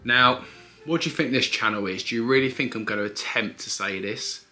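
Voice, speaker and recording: A man's voice: mid-range voice, fairly quick, bright, forceful tone, faint music behind. A man, casually answering viewer questions in a chatty, explanatory vlog. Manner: chatty, explanatory, self-correcting. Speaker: eBay reseller vlogger.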